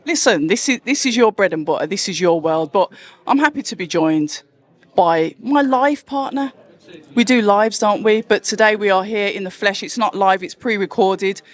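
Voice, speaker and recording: A man's voice: sits high, normal speed. A man with a Birmingham accent, hosting a playful, teasing casual interview at a press conference. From Birmingham, England. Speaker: interviewer and channel host. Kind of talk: casual chat.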